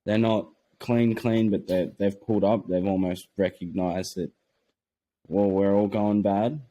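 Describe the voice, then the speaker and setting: A teenage man whose voice sits fairly low. He speaks as a podcast guest in loose, eager chat, tripping over restarts as his thoughts run ahead of him. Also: fairly even intonation, a little slow, mellow. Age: teens. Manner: eager, rambling with frequent restarts. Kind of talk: casual conversation.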